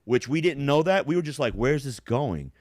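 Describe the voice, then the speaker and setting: A man's voice: medium pitch, normal speed, no echo, studio quality. A man hosting a casual podcast chat, telling a story with lots of swearing and laughter. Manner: animated, profane, laughing storyteller. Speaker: podcast host.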